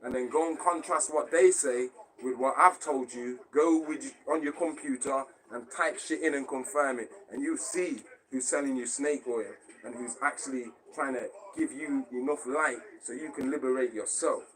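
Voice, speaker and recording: A man's voice: medium pitch, normal speed, few pauses, fairly bright tone, poor audio. Blunt, profane man. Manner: blunt and profane, often asks if you understand. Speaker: host of a live stream. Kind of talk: casual monologue to viewers.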